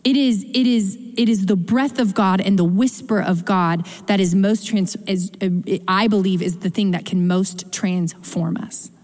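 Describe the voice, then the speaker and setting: A young adult woman pastor preaching a sermon, expressive, slowing down for emphasis and speeding up in quick asides. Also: medium pitch. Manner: expressive, shifts between slow emphatic phrasing and quick asides. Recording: long hall reverb.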